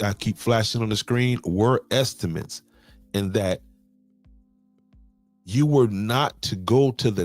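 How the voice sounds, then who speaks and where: A man's voice: on the low side, a little mellow, no echo. A man, hosting a podcast and explaining local money matters, restarting words and checking in with "okay". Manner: repeats words, restarts and says "okay" often. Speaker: podcast host. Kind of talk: explaining local county finances to viewers.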